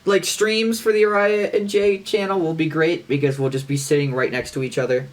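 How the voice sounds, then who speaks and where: A young man co-hosting a podcast in casual chat, loud, boastful and swearing freely. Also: fairly high pitch, level tone, fairly quick. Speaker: podcast co-host.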